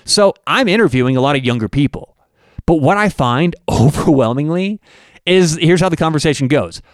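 A man's voice: a little high, animated, normal speed, no room sound, clean studio sound. A man hosting a podcast, delivering an opinionated, emphatic monologue full of rhetorical questions. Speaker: podcast host and network owner.

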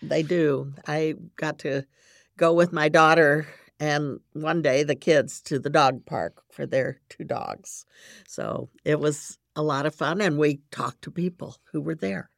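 Woman host, gravelly edge, soft unhurried questions, dry close sound. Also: low-pitched, fairly even intonation, dry recording. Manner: gentle, repeats words when starting sentences. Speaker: podcast host. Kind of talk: conversational interview.

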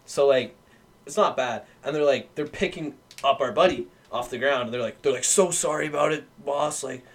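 Young man, podcast guest, rambling profane storytelling, average pitch. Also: normal speed. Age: young adult. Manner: rambling, filler-heavy, profane. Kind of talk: casual storytelling.

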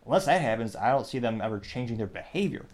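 A man's voice: mid-range voice, lively intonation, quick pace. A man hosting a news commentary podcast, talking in a wry, digressive way with joking asides. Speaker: podcast host.

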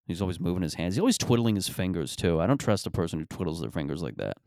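A man's voice: deep voice, expressive, racing, vocal fry, few pauses, a little mellow, no echo. A man hosting a comedy podcast, rambling through a profane, self-deprecating monologue. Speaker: comedian host.

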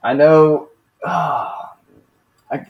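A man's voice: on the high side, steady tone, extremely slow, dull audio. A young man being quizzed in casual podcast chat, laid-back and slangy, often restarting his sentences. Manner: laid-back slang, says dude and bro, many restarts. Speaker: podcast guest taking a quiz.

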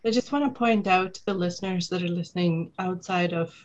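A woman's voice: fairly low pitch, brisk, lo-fi sound. A woman co-hosting a podcast, chatty and enthusiastic in her asides. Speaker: podcast co-host. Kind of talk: casual podcast conversation.

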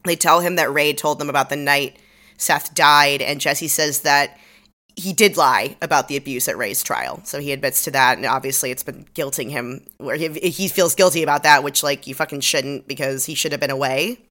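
A woman's voice: sits low, normal speed, sharp tone. A woman co-hosting a podcast, recapping a TV episode in casual chat and cursing freely as she gets emotional. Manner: emotional, swears freely, retells scenes with quoted lines. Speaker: podcast co-host.

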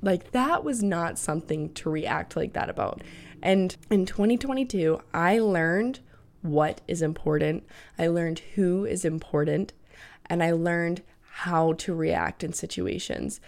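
A woman's voice: on the low side, measured pace, vocal fry, darkish tone. A young woman in her twenties hosting a casual solo podcast, chatty and peppering her talk with "like" and the odd swear word. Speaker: podcast host.

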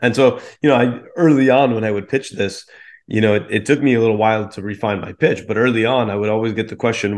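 Low-voiced man explaining his investing plainly. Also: fairly even intonation, fast talker, darkish tone. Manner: confident explaining with casual fillers. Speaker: real estate investor guest. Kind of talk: podcast interview.

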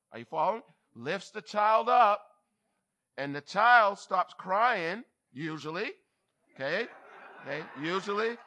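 A bishop preaching a lively church sermon, who talks back and forth with the congregation. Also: male voice, high-pitched. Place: church service.

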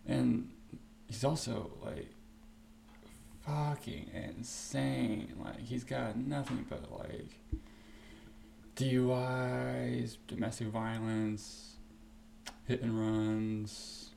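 Gravelly profane man ranting casually. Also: medium pitch, drawn-out words. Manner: profane, rambling, animated storytelling. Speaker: podcast host. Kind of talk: casual solo podcast rant. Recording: echoey room with faint background noise.

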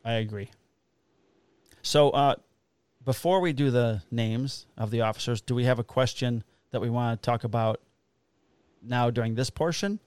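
A man who works as a police officer co-hosts a podcast and spins a long, profane story in casual chat. His voice sits at an ordinary middle pitch. It is recorded dry, with no room sound around it. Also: normal speed, pauses often, darkish tone, clear, resonant tone, no room sound. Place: Illinois.

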